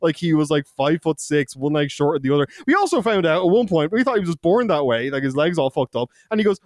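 A young man with an Irish accent spins a rambling story among friends, swearing freely and breaking into laughter. His voice sits a bit high and sounds close and dry, with no room around it. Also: very animated, fast, hardly any pauses, dry recording. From Ireland. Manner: swearing, laughing, loose anecdote telling with acted-out quotes. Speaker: podcast co-host. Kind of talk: casual storytelling chat.

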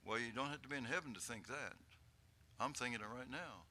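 An older male preacher delivers a sermon in a sharp, bright voice that carries well. He climbs to loud, impassioned peaks and slips in chuckling asides to the congregation. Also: medium pitch, a little fast, slight background noise.

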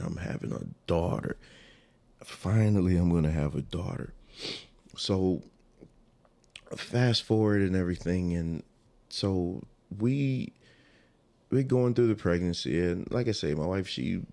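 A man's voice: low voice, gravelly, a little mellow. A man telling an emotional personal story in a rambling, casual way, repeating himself and restarting sentences.

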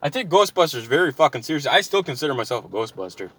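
Brief: thirties man, bright forceful voice, dry close sound, profane car rant. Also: on the high side, racing, husky, no room sound. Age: 30s. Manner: swears constantly, heated and animated. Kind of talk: profane ranting monologue. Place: inside a car.

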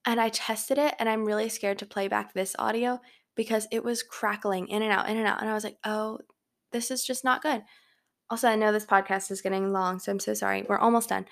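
Her pitch is mid-range, yet her voice drops into noticeable vocal fry as this young woman talks quickly in a level tone. She hosts a casual solo podcast from her bedroom on a home mic, rambling with heavy filler.

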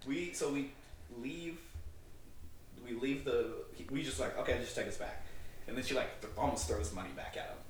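A man's voice: medium pitch, lively intonation, moderate pace, echoey room. Male podcast co-host, rambling anecdote style, acts out the dialogue, mic a bit distant with faint hiss. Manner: rambling, heavy on filler words, acts out quoted dialogue. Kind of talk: casual storytelling.

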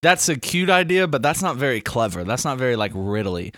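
A young man from Alabama, hosting a casual podcast and reading riddles in a playful, drawn-out way. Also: medium pitch, big pitch swings, a bit bright, dry recording, studio quality. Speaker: podcast host.

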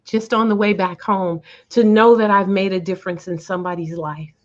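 A woman's voice: medium pitch, steady tone, brisk. Earnest woman speaker, dull lo-fi audio. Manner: heartfelt, earnest, repeats for emphasis. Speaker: guest speaker. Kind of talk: interview answers.

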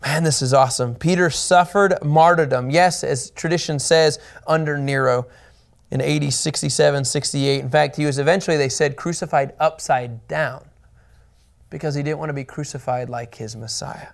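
Male pastor teaching scripture, raspy-edged and a bit high, earnest and pressing his points. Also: fairly even intonation, moderate pace. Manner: earnest and emphatic, repeats key points. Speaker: pastor teaching a Bible series. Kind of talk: Bible teaching.

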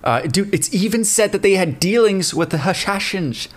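A man's voice: high voice, normal speed. A man casually telling a history story to a friend on a podcast, with plenty of fillers. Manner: relaxed storytelling with fillers and laughs. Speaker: podcast co-host.

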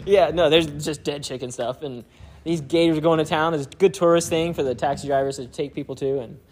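A man delivers a sermon built around a personal story, chuckling frequently as he tells it. His voice sits on the high side with a darkish tone and fairly even intonation, and he speaks a little fast.

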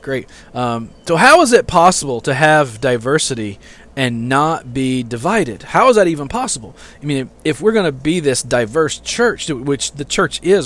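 Brief: middle-aged male pastor, slightly high voice, casual sermon delivery that swells on key points. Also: fairly bright tone. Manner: conversational preaching with fillers and repeated lines.

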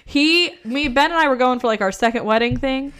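A woman's voice: high voice, fairly quick, fairly bright tone, slight background noise. A woman in her thirties co-hosting a casual podcast, telling stories bluntly and swearing freely. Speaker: podcast co-host. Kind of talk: casual chat.

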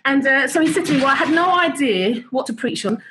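A woman's voice: high-pitched, a little fast, over music. Chatty woman telling a story in an echoey room. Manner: chatty, animated, self-interrupting. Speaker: worship leader. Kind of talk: casual storytelling on a video call. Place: at home.

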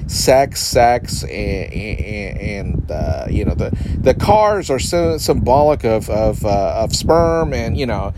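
A man's voice: fairly low pitch, sing-song, slow, few pauses, background noise. A man ranting in a casual, rambling way, sarcastic, full of restarts and swearing, mocking other people's voices as he goes. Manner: frequent restarts and profanity. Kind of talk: casual rant.

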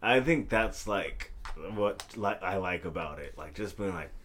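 A man's voice: sits low, lively intonation, unhurried, fairly bright tone. A young man in casual, profane conversation, rambling loosely and trailing off into mumbles. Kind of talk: casual chat.

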